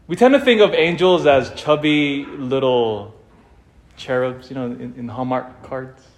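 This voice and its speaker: A man preaching a sermon and telling the story dramatically, dropping to a hush and then rising loud. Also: medium pitch, a little slow. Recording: echoey room.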